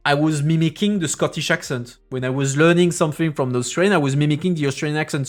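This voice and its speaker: Rambling French-accented man, casual stream. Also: fairly high pitch. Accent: French, with mixed English accents. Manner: rambling, with frequent restarts and filler sounds. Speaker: streamer and parliamentary assistant.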